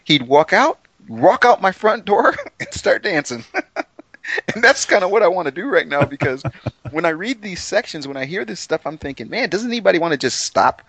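A man co-hosting a Bible study show, telling stories with excitement and frequent laughter. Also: high-pitched, normal speed, dry recording. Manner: excitable, laughs often, animated storytelling. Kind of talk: enthusiastic Bible study chat.

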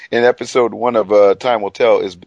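A man's voice: lowish voice, fairly even intonation, brisk, vocal fry, a little mellow, no echo, muffled recording. A man co-presenting a radio Bible discussion, talking enthusiastically and laughing often.

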